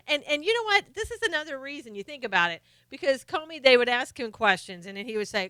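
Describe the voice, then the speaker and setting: A woman's voice: high voice, sing-song, a little fast, bright, forceful tone, dry recording. A middle-aged woman hosting a live stream, chatting casually and sarcastically about politics while greeting viewers by name.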